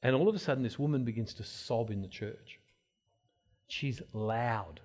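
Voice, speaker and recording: A man giving an informal sermon-style talk, telling stories with many restarts and swinging between loud and soft. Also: mid-range voice, moderate pace. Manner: rambling storyteller, many restarts.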